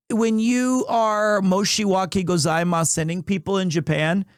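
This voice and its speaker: High-voiced chatty male streamer. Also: no room sound, clean studio sound. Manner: animated storyteller, sprinkles in Japanese phrases. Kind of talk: casual live-stream chat.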